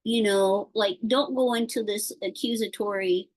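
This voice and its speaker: A woman chatting casually on a video call, telling a worried story in a rambling, halting way with many fillers. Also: mid-range voice, steady tone, poor audio. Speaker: participant sharing a concern.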